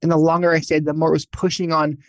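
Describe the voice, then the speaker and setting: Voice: mid-range voice, level tone, fast talker, dry recording. A speaker in a casual spiritual podcast conversation, talking chattily in a self-mocking way with lots of fillers.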